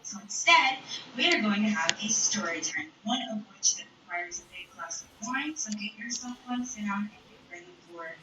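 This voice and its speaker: A woman's voice: mid-range voice, animated, normal speed, bright, forceful tone, a little hiss or hum. A young woman streamer telling a story in a casual, profane, emphatic way. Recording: roomy distant mic with background video playing. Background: YouTube video playing in the background.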